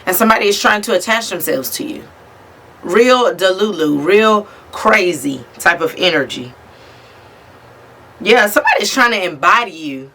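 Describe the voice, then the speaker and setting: A tarot reader gives a casual reading straight to camera, talking bluntly and swearing freely. Her medium-pitched voice is expressive, bright, and forceful, and she speaks at normal speed.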